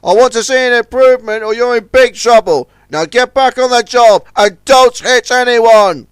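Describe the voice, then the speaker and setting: A man's voice: very high voice, moderate pace, smooth, no room sound, studio quality, pitched above the performer's own voice. A man voicing a stern male harbour captain who scolds firmly, in a storybook reading. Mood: scolding. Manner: scolding, firm.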